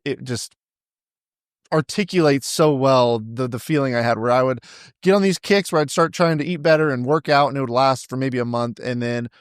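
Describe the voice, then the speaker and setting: A man's voice: mid-range voice, smooth, no room sound, clean studio sound. Reflective male podcast host. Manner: reflective and self-deprecating, thinking aloud. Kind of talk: podcast interview conversation.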